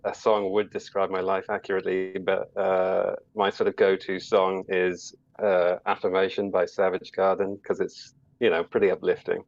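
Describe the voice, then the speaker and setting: A man's voice: sits low, monotone, moderate pace, vocal fry, hardly any pauses, no echo, dull audio. A British man with a modest, good-humoured manner, calling in to a livestream for a casual chat. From Britain. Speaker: call-in guest.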